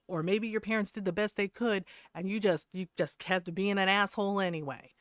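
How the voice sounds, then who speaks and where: A woman streamer rants to her chat, heated and swearing freely, with laughs breaking up her points. Her voice sits at a middle pitch. The recording is dry and close, with no room sound. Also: steady tone, moderate pace, no echo. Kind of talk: casual rant to stream chat.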